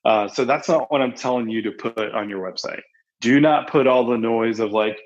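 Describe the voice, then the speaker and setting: A man's voice: mid-range voice, normal speed, muffled recording. A man on a podcast, chatting casually and telling stories with lots of fillers and restarts. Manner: rambling, animated storytelling with many fillers.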